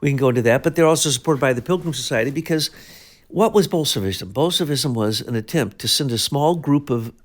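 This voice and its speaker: A man co-hosting a political talk show, speaking emphatically, piling up sweeping claims with frequent restarts. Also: medium pitch. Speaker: co-host.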